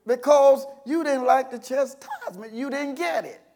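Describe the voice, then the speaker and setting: Here a man preaches as a pastor, spinning folksy tales and suddenly shouting or chuckling along the way. He speaks at an ordinary speed in an extremely high voice.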